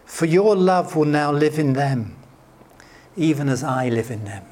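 An earnest middle-aged man delivers a sermon in a slightly high voice. He lifts his voice to act out quoted prayers, then sinks into soft, near-whispered lines. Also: a little slow. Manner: earnest, rises high acting out quotes, drops soft and hushed. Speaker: preacher.

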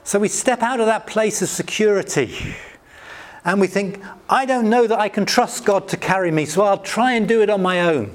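Earnest male preacher, soft hushed drops. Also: moderate pace. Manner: earnest, rises high acting out quotes, drops soft and hushed. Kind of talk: sermon.

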